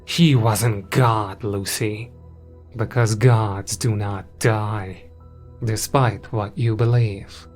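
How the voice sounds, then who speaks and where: A man voicing a cruel, contemptuous winged male creature in a horror story, taunting in a slow drawl. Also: on the low side, fairly even intonation, darkish tone. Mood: menacing. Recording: music in the background.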